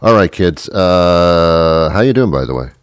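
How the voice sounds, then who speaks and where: A man's voice: deep voice, expressive, measured pace, clear, resonant tone, no room sound, clean studio sound, soft background music. A male radio host delivering a comic monologue, rambling and stammering and poking fun at himself. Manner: rambling, stammering, self-mocking. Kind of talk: comedic talk radio monologue.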